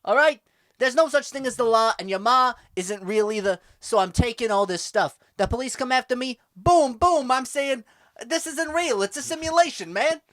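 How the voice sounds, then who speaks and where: A man's voice: very high voice, lively intonation, normal speed, fairly bright tone, no echo, clean studio sound. A man doing a rambling Boston-accented tough-guy impression in an improvised comedy sketch, full of fillers. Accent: Boston put-on. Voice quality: gruff wiseguy, bada bing catchphrase.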